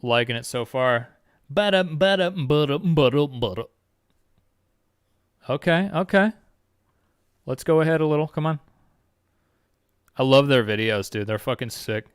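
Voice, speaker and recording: A man hosting a podcast, chatting casually with viewers in a rambling, heavily profane and excitable way. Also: mid-range voice, clear, resonant tone, dry recording, studio quality. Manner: excitable, quick exclamations. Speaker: podcast host. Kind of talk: casual live-stream chat with viewers.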